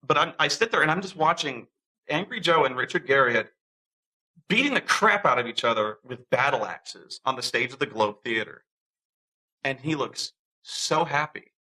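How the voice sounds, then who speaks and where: A man tells a story in a casual, animated way, acting out the voices of the people he quotes. His voice is very bright, and he often restarts his sentences. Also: medium pitch, normal speed, rough recording. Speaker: interviewee.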